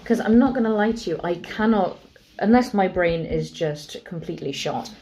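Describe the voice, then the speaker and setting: Welsh woman, podcast co-host, lowish mellow voice, chatty and self-deprecating. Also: animated, normal speed. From Wales. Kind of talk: casual podcast chat.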